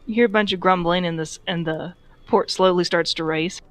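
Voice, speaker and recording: A woman's voice: lowish voice, fairly even intonation, a little fast, fairly bright tone, no room sound, low-quality recording. A woman narrating a tabletop game as game master, setting the scene in a rambling, descriptive way over a headset. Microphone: push-to-talk headset.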